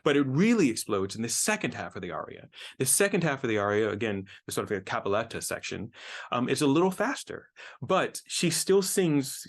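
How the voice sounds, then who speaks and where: Middle-aged guy lecturing on opera, eager, keeps repeating words, even mid pitch. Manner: enthusiastic, repeats words while thinking, sings short snippets. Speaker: musicology professor. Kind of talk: explanatory lecture.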